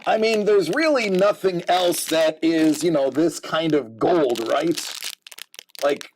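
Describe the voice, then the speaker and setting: A man hosting a collectibles live stream in casual chat, exclamatory and quick to laugh. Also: fairly high pitch, a little hiss or hum. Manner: animated and exclamatory, laughs often.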